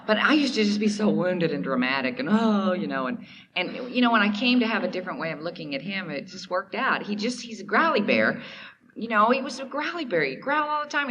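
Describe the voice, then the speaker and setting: A woman from Oklahoma, USA, with a low, bright and forceful voice shares her personal testimony in a meeting hall at a recovery convention, captured in a rough recording. She speaks candidly and emotionally, using many fillers.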